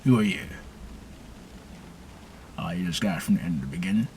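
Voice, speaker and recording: A suspicious old gunman with a British accent growls his questions, as a man puts him on, dropping into a very deep, hushed register. The voice is gruff and demanding. A faint hiss of noise sits under it. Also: animated, normal speed.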